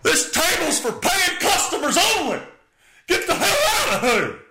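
A man voicing a hot-tempered male fast-food security guard who rants profane threats at customers. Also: very high-pitched, huge pitch swings, very noisy, pitched above the performer's own voice, heavily acted. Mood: shouting. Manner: profane, menacing rant.

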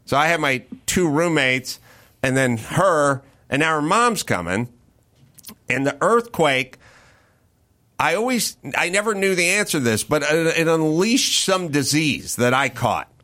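A man hosting a podcast, telling a profane, animated story in a casual chat. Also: on the high side, unhurried. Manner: profane, animated anecdote with acted-out quotes. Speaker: podcast host.

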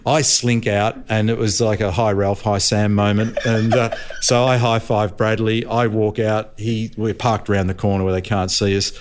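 A man's voice: on the low side, little pitch movement, moderate pace, few pauses. An older Australian man, a motorsport commentator, telling racing anecdotes in a chatty, laughing way and acting out voices. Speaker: motorsport commentator, interview guest. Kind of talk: anecdotal storytelling.

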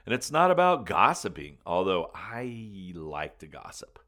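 A man telling a funny personal story in a folksy, animated way, calling people man and buddy, with faint music behind him. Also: deep voice, measured pace. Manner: animated, bursts into loud excited retelling.

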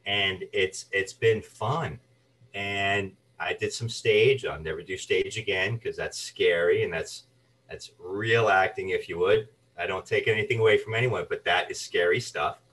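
A man with a low voice recounts his acting career as a guest. He tells stories with energy and briefly puts on the voices of the people he quotes. He sits a little back from the microphone. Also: measured pace, recorded from a distance, low-quality recording. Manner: animated anecdotes, acts out quoted voices. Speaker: guest, actor and voice artist. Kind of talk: storytelling interview chat.

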